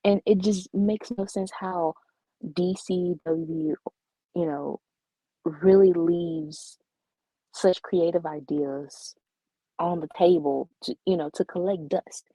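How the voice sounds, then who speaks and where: A woman co-hosting a casual comic book podcast, speaking in a measured, opinionated way on a dull, lo-fi recording. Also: lowish voice, steady tone, warm tone, husky, no echo. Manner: measured, opinionated, frustrated ranting. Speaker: podcast co-host. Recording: dull lo-fi dry mic.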